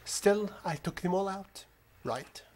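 Brief: slow, even-pitched let's-play host with a non-native accent, calm, coaching, often hushed. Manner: calm, coaching the game character, often dropping to a hushed whisper. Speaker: gamer. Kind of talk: gameplay commentary.

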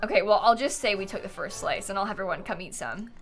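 Talking fast at medium pitch, a young woman streams a life-sim game in a casual, playful way. She often laughs and scolds the characters she's playing, and faint game music runs underneath.

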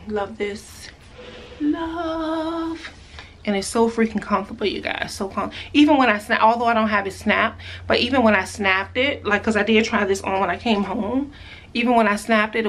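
A woman's voice: mid-range voice, a bit bright, distant mic, slight background noise. Gushing chatty woman. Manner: gushing, chatty, repeats herself. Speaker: vlogger. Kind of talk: casual try-on haul chat. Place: at home, indoors. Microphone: phone camera.

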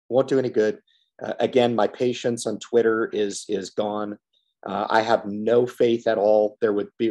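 A man's voice: lowish voice, a little mellow. A man giving a frustrated solo commentary on a stock, blunt and repetitive, swearing casually and circling back to the same complaints.

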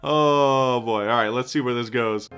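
A man hosting a comedic commentary on game ads, sarcastic and profane, with mock excitement. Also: medium pitch, moderate pace, over music. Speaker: YouTube host reacting to game ads.

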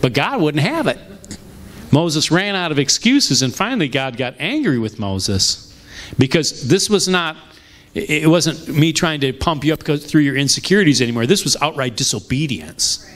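A middle-aged man pastor telling stories in a sermon, conversational and lively, often restarting his sentences. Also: fairly high pitch, moderate pace. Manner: animated, conversational, with frequent restarts. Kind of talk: storytelling sermon. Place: church sanctuary.

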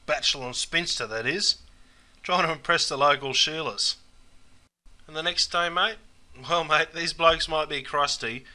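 A man's voice: fairly high pitch, pushed and bright, clean tone. An Australian man hosting a comic explainer sketch, packed with slang and calling everyone "mate". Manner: broad slang, says "mate" constantly. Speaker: host.

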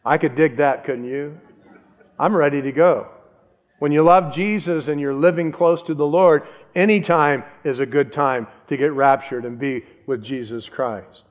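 A man's voice: on the high side, a little slow, big-room sound. An older man, a pastor, giving a sermon in a conversational, humorous way. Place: church sanctuary.

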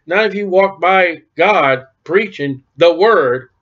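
A man's voice: high voice, measured pace, few pauses, a bit bright, highs cut off. A man preaching an informal sermon in a conversational way, acting out bits of dialogue as he goes. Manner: conversational, acts out dialogue in quoted voices.

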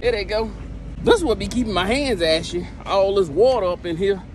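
The owner of a trash can cleaning business cleans cans outside a house near a street, chatting casually to camera in an on-the-job vlog, loud, jokey, and frequently shouting or exclaiming. His voice sits high and moves at a moderate pace. A small clip-on mic and phone camera pick him up along with outdoor street noise.

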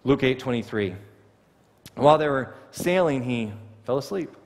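A man preaching a sermon in an animated, conversational way, often acting out quotes. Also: medium pitch, moderate pace, in a large hall. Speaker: pastor. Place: church sanctuary.

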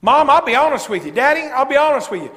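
A man's voice: extremely high pitch, sing-song, fast talker, a bit bright. A man preaching a sermon as a pastor, folksy and rising to emphatic preaching. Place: church sanctuary. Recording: long church reverb.

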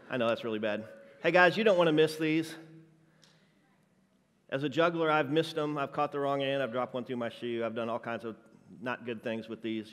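A man's voice: a little high, fairly bright tone. A man preaching a church sermon as a guest juggler, playful and jokey, working the crowd with energy. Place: church sanctuary. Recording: reverberant church hall.

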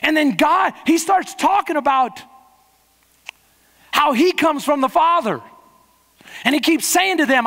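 A man preaching a sermon as pastor, fervent, rushing through some lines and slowing hard on others. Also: very high voice, bright, forceful tone. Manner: fervent preaching, swinging from quick bursts to slow emphasis. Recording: long hall reverb.

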